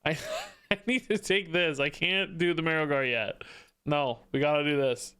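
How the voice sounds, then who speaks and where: A man's voice: fairly high pitch, moderate pace, pushed and bright, smooth. A young man streaming a card game, chatting to his viewers in a loose, self-mocking way and laughing often. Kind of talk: casual gameplay commentary.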